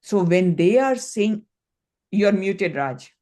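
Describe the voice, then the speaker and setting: A woman's voice: medium pitch, animated, takes it slowly, a little mellow. Middle-aged woman, Indian English accent, parenting coach on a video call, storyteller. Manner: storytelling, acts out quoted dialogue. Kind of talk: online coaching session.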